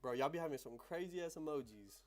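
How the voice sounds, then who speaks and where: A man's voice: on the high side, lively intonation, fast talker, darkish tone, soft background music. A young man hosting a livestream on trading, talking casually in slang and laughing often.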